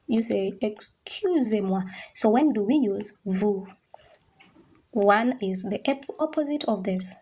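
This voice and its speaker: Female French tutor, mellow tone, patient and repetitive, often checks in with the class. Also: on the high side. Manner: patient, drills pronunciation slowly, checks understanding. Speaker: French teacher. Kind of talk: online language lesson.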